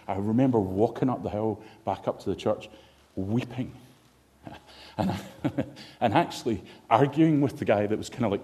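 A middle-aged pastor delivering a heartfelt sermon. His voice is mellow and warm, moving between quiet storytelling and fervent, rising appeals. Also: lowish voice, normal speed. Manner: emotional, storytelling, rising to passionate emphasis.

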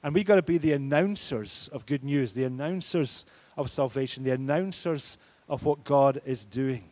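A man's voice: medium pitch, normal speed, a little mellow. A man preaching a sermon, emphatic and declaring, his force rising and falling. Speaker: pastor.

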